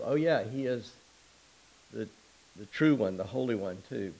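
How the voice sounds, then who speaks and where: A man's voice: on the low side, lively intonation, measured pace, long pauses, a little mellow, poor audio. A man preaching an informal sermon in a small church, folksy and conversational, with asides and restarts. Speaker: pastor.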